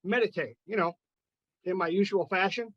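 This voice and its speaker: A man in his fifties with a high voice hosts a podcast chat, then does a loose, profane amateur stand-up set. He speaks at normal speed, and the recording is muffled but has no echo.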